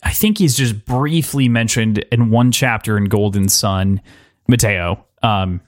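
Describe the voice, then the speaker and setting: A man's voice: fairly low pitch, a little slow. A man co-hosting a podcast, casually discussing a book and asking his partner probing follow-up questions. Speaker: podcast co-host.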